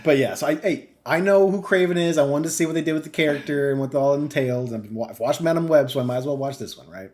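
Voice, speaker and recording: A man co-hosting a gaming podcast, talking casually, animated and swearing freely, with lots of fillers. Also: a little high, quick pace, few pauses. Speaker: podcast co-host. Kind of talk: casual chat.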